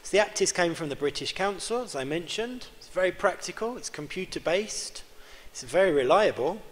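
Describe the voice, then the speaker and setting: A man giving an interactive keynote lecture in a large conference hall, joking and quizzing the audience with quick questions. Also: high-pitched, animated. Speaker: keynote speaker. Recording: reverberant hall with faint background hum.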